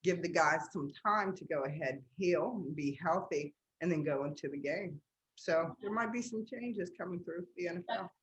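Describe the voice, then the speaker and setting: A woman with a lowish voice runs through sports news as a co-host. She sounds lively and enthusiastic and speaks in a casual, conversational way. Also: moderate pace, poor audio. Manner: enthusiastic, loud bursts of laughter.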